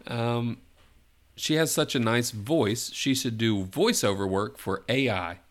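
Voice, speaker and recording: A man's voice: mid-range voice, slow pace. Teasing male quiz host. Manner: teasing, gives hints, chuckles. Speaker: podcast host running a guessing game. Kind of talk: casual chat.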